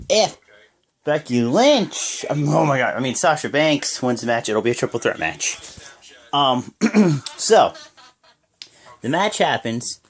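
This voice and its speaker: A sleepy young man giving rambling, casual reaction commentary, often stopping to correct himself. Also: medium pitch. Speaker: wrestling reaction vlogger.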